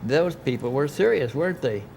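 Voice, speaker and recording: In a club dining room, an older man who is a guest being interviewed rambles through a long anecdote, casual in tone and full of asides and restarts. His voice is fairly high, animated, darkish and edged with vocal fry, at a moderate pace, with a little hiss or hum.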